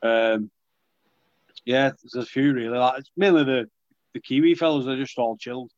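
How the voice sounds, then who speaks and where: A young man chats loosely in an interview, often restarting his sentences and poking fun at himself. His voice sits at an ordinary pitch, and the recording sounds dry and slightly dull. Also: steady tone, moderate pace, dry recording. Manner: chatty, self-deprecating, many restarts. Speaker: rugby league player. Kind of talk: casual interview chat.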